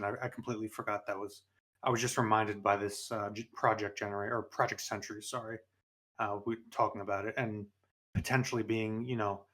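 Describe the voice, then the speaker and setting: A man's voice: on the low side, a bit bright. A man from New York co-hosting a gaming podcast in casual chat, rambling and correcting himself mid-sentence. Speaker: podcast co-host.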